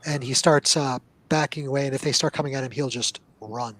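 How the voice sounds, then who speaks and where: A man's voice: medium pitch, brisk, fairly bright tone, no room sound. A man playing in a tabletop game, chattily declaring what his character does. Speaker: player. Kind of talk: casual tabletop game talk.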